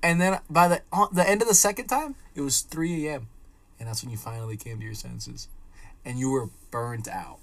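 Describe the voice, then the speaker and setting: A young man co-hosts a casual podcast, telling animated stories laced with swearing and acting out the quotes. His voice is medium-pitched and gravelly, and he speaks a little fast.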